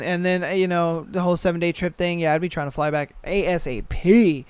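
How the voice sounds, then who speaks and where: A man's voice: high-pitched, lively intonation, fairly quick, sharp tone, smooth, no room sound. A young man hosting a podcast, ranting in casual, profane, exasperated reaction commentary. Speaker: podcast host.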